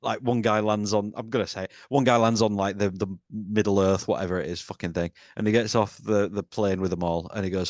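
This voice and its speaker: A man's voice: on the low side, fairly even intonation, fast talker, hardly any pauses, darkish tone, dry recording. A man co-hosting a film podcast in casual chat, rambling and swearing casually while acting out quotes. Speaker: podcast co-host.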